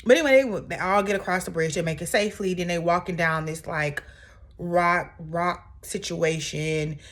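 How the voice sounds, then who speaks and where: A woman's voice: on the low side, normal speed. A woman casually recapping a reality TV episode in a chatty, sassy way, full of asides.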